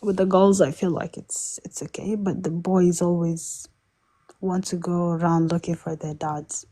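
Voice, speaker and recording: Soft-spoken woman with a mellow voice. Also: on the low side, steady tone, unhurried. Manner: soft-spoken, supportive, sometimes drops to a whisper. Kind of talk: casual chat.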